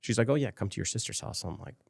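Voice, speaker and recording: Low gravelly-voiced man telling a personal story. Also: lively intonation, racing, a little mellow, dry recording, clean studio sound. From Las Vegas, USA. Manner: reflective, retells conversations in quoted dialogue. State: emotional, choked up at times. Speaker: podcast guest. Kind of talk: candid personal storytelling in an interview.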